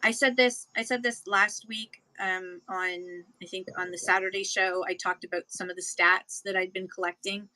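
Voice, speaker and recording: A woman's voice: mid-range voice, fairly even intonation, moderate pace, few pauses, pushed and bright, no room sound, poor audio. A woman from Canada, co-hosting a casual chat about livestream selling, explaining in a rambling, self-correcting way. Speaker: livestream seller and co-host.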